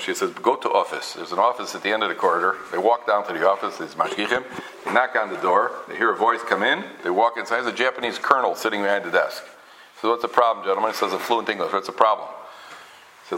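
A man telling humorous stories in a sermon, animated and full of restarts, peppering his talk with Hebrew and Yiddish terms. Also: on the low side, a little hiss or hum, low-quality recording. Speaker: rabbi giving a talk. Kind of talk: storytelling sermon.

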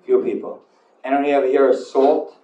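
A man, a rabbi, giving a sermon to an audience, telling a story in an animated way and building to emphatic repeated lines. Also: mid-range voice, a little fast, echoey room, recorded from a distance, dull audio. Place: hall with audience.

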